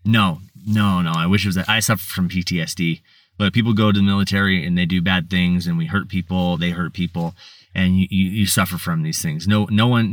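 Blunt, plain-talking man with a low voice, recorded dry and a little distant from the mic. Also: fairly bright tone, no room sound. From United States. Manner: blunt, swears, lots of fillers and restarts. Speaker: podcast guest. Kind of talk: casual storytelling.

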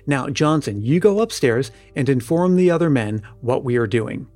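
A man reading the lines of a curious, commanding police lieutenant in a storybook, brisk and decisive. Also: medium pitch, expressive, a little mellow, dry recording, faint music behind, close to an everyday voice.

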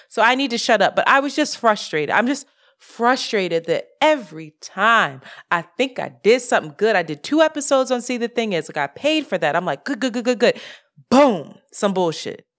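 A woman co-hosting a podcast, talking casually in a profane, animated rant about money and frustration. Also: fairly high pitch. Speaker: podcast co-host. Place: lives in Brooklyn.

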